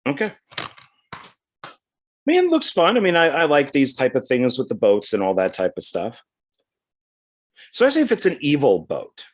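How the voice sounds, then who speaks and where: This DVD vlogger's mid-range voice swings hugely in pitch, moving at a moderate pace with long pauses. He casually works through his purchases, reading back covers aloud and chatting between them.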